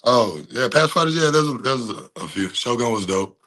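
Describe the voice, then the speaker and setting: A man's voice: mid-range voice, animated, normal speed, fairly bright tone. A man in his thirties, a fighter giving a casual interview, laid-back, laughing often and swearing casually. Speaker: fighter guest.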